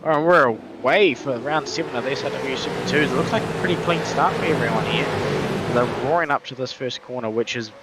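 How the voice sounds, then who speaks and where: A man commentating a sim race live, chatty and quick with frequent restarts, his voice going hoarse. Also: medium pitch. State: losing his voice. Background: race car engine noise.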